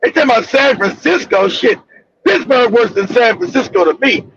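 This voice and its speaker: High, gravelly-voiced man telling rowdy stories. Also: moderate pace, a little hiss or hum. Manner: profane, animated, rambling anecdotes with bursts of shouting. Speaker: talk show host. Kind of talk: casual storytelling chat. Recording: dull lo-fi audio.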